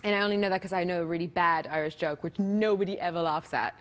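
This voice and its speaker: A woman's voice: lowish voice, steady tone, fast. A woman appearing as a guest on a talk show, chatting and telling a joke while laughing at herself. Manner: giggly, self-deprecating.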